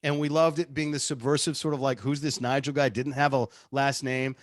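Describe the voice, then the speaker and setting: A man's voice: mid-range voice, level tone, a little fast, dry recording, studio quality. A man, a radio producer, telling stories casually in an interview, chatty and self-deprecating. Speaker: radio show producer and on-air personality.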